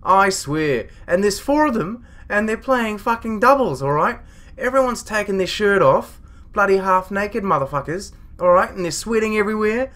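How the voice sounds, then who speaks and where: A man's voice: high-pitched, expressive, moderate pace, a bit bright. A man playing a grumpy, foul-mouthed starship captain, rambling and ranting with indignation in a comedy monologue. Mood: indignant. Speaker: comedy web series creator.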